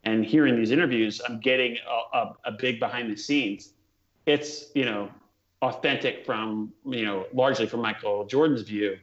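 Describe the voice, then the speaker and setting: A man's voice: medium pitch, moderate pace. Man, podcast co-host, reflective, hesitant, echoey room, dull audio. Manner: reflective, hesitant, many fillers. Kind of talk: casual podcast chat.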